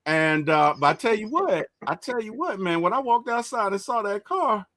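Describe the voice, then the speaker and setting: A man telling stories in casual chat, animated and laughing when excited. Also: sits high, moderate pace, no room sound, clean studio sound.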